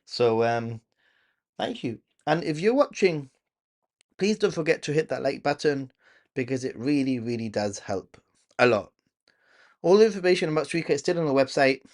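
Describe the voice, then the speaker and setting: A man's voice: mid-range voice, lively intonation, moderate pace, long pauses. A man hosting a casual live stream, chatting to viewers, reading their comments aloud and laughing often. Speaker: livestream host.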